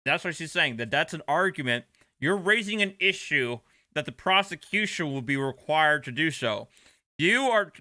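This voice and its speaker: A man's voice: fairly high pitch, pushed and bright, no room sound, studio quality. A man streaming reaction commentary over court footage, sarcastic and profane, talking back at the clip. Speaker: livestream commentator.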